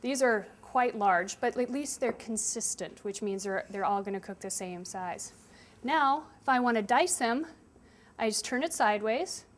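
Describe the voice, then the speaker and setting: A woman chef walks children through a cooking demonstration, explaining each step with patience. Her voice sits a little high. She keeps it simple and hands-on. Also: normal speed. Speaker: chef teaching kids.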